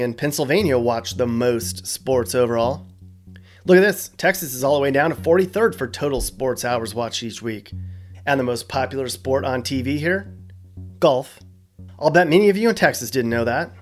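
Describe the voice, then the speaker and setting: A man narrates a scripted explainer in a casual, joking tone. His voice sits in a middle pitch, and he drops wry asides between facts. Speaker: host.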